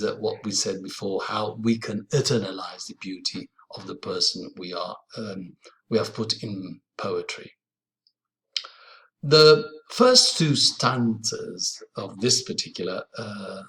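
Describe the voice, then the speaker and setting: Man, Italian accent, slow halting lecture, lowish voice, lots of uh and um. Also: fairly bright tone. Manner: halting, many fillers and restarts. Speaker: literature teacher. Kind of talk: hesitant classroom lecture.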